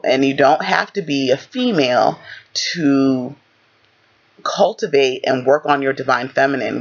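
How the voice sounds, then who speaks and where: A man giving a rambling pick-a-card tarot reading, congested from a cold, with a slight lisp and halting restarts. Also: mid-range voice, vocal fry, a bit bright, husky. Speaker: tarot reader. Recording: dull lo-fi audio.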